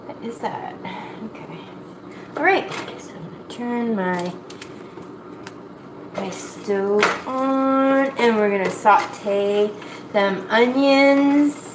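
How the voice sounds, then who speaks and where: A woman's voice: medium pitch, takes it slowly. A woman from Scotia, chatting in a rambling, folksy, self-mocking way while she cooks in her home kitchen. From Nova Scotia, Canada. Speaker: cooking vlogger. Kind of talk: casual chat while cooking. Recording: echoey kitchen with cooking noise. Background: pots, dishes and kitchen clatter.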